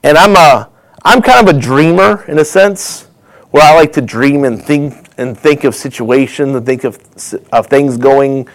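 A man reflecting on a clip he just watched, soft and emotional, and at times earnest and plain-spoken. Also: fairly high pitch, a little slow, rough recording. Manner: soft, emotional, sometimes dropping to a whisper. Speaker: host reacting to a clip. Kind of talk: reflective commentary.

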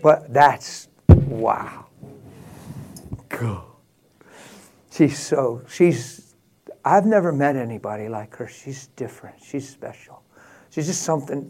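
A man's voice: medium pitch, gravelly, a little mellow. An older man, a pastor, telling stories in an emphatic, candid and emotional way. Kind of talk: casual storytelling talk.

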